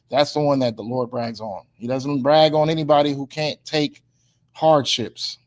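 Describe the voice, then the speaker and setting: A man teaching a casual Bible class. He reads scripture slowly and deliberately, then preaches in a loose, colloquial way and keeps asking his listeners if they follow him. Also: mid-range voice. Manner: slow, deliberate scripture reading.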